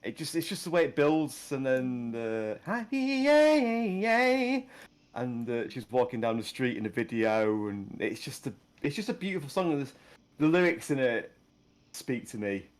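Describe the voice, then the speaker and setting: Chatty man with a lively voice. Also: medium pitch, normal speed. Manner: rambling, chatty, laughs often. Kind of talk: casual chat.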